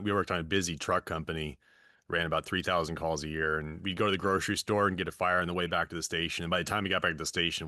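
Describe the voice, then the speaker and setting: A man who was a fire chief, hosting a webinar and asking questions in a measured, friendly way, thinking aloud with fillers. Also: low voice, bright, forceful tone, no room sound, studio quality. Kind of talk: webinar moderating.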